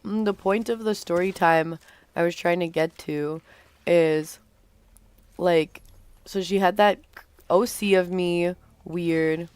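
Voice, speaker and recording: Young woman streamer rambling a story while she plays, lowish voice, cusses a lot, lots of like. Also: steady tone, takes it slowly, darkish tone, smooth. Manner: rambling, filler-heavy, casual swearing. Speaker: livestreamer.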